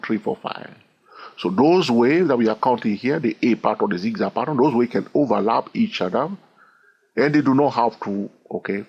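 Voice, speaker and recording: Man, trading instructor, husky voice, lively sing-song counting, repeats himself, dull lo-fi recording. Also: mid-range voice. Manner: repetitive, keeps asking "all right?"; counts wave numbers aloud in a sing-song way. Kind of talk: recorded chart lesson.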